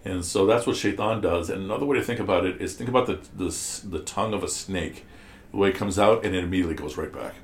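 Deep-voiced man teaching in an echoey room. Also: fast talker. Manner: explanatory, asks the class questions, many restarts. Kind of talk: classroom commentary on scripture. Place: classroom.

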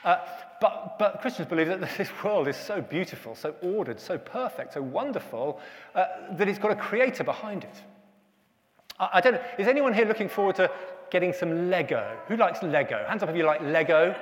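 Chatty male pastor quizzing children; high voice, reverberant church. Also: animated, fairly quick. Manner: chatty, asks children questions, many restarts. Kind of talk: family service talk.

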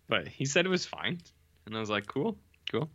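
A tired man co-hosting a casual podcast, his voice bright and lively, swinging up and down as he tells stories. The sound is dull and lo-fi. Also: lowish voice. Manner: animated, tells anecdotes with quoted voices. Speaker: podcast co-host. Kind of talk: casual chat.

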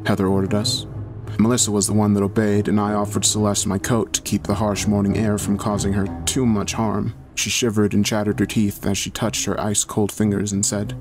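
A man narrating a horror story in a measured, low-key storytelling voice. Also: flat delivery, a little mellow, soft background music.

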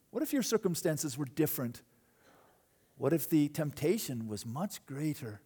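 A male pastor delivering a sermon with an animated storytelling manner. His voice sits a little high and swings widely in pitch, and it jumps between loud, excited bursts and quiet, hushed moments. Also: normal speed, slightly rough.

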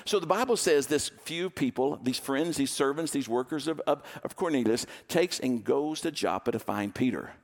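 A male pastor delivers a storytelling sermon with a gravelly, fry-tinged voice. He tells the story with a lot of animation and slips into the voices of its characters to act them out. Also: mid-range voice, expressive, moderate pace, few pauses, slight background noise.

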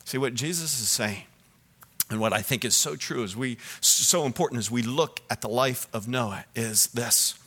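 A man preaching a sermon as pastor, swinging between loud emphatic lines and soft low asides, often asking the listeners direct questions. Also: moderate pace, breathy edge. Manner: asks the audience direct questions.

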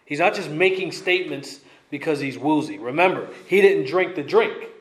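A man preaches an expository, verse-by-verse sermon in a slightly raised voice that is fairly high, lively in intonation, and at normal speed. He is emphatic, repeating key lines to drive his points home, and the sound echoes as in a church sanctuary.

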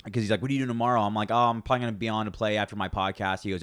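A man in his twenties with a low-leaning voice talks very fast as he co-hosts a casual podcast, recorded cleanly in a studio with no room sound. He rambles through stories, acts out the voices of people he quotes, and restarts often.

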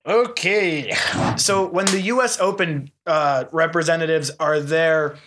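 A man's voice: on the high side, unhurried, a bit bright, a little hiss or hum. A man co-hosting a comedy podcast, chatting casually with playful, joking banter. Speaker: podcast co-host.

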